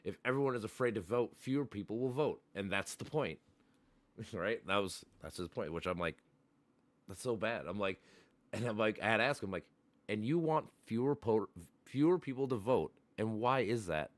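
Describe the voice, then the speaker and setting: Low-voiced man, profane animated storyteller. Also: normal speed, dry recording. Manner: profane, animated, acts out both sides of a debate. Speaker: livestream host. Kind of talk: casual chat, retelling an argument.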